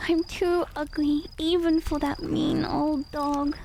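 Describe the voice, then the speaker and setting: A woman's voice: very high-pitched, normal speed, creaky, slight background noise. A woman voicing a timid, sorrowful baby duckling boy in a storybook reading. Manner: sorrowful, quiet.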